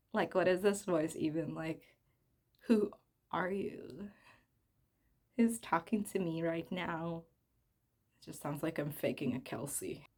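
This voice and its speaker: A woman's voice: sits low, a little mellow, husky. A young woman from the Philippines chatting casually to her viewers while she crafts, giggly and self-conscious, rambling as she goes. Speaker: vlogger.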